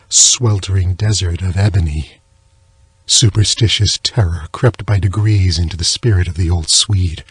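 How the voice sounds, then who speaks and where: A man reading a classic sea tale aloud as an audiobook, in a measured, low and somber manner. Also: slightly rough, no echo. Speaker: audiobook reader. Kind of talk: scripted narration of a classic tale.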